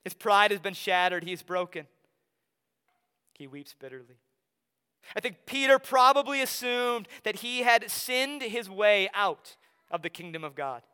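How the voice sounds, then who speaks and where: A young man from Wisconsin with an Upper Midwest accent, preaching a sermon in a conversational way, often dropping soft for emphasis. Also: high-pitched, lively intonation, a little slow, smooth. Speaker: pastor. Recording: long hall reverb.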